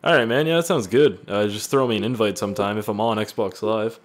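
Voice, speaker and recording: A man reading fan voice messages aloud and reacting with loud, profane jokes in a casual gaming video. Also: fairly low pitch, a little fast. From Canada. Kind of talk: casual gaming vlog commentary.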